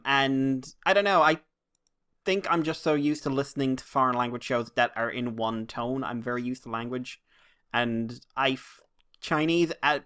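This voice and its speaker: A man's voice: mid-range voice, bright, forceful tone, smooth. An Irish man co-hosting a casual podcast chat. He rambles and rants, with plenty of swearing dropped in along the way. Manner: rambling, ranting, swears freely. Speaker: podcast co-host.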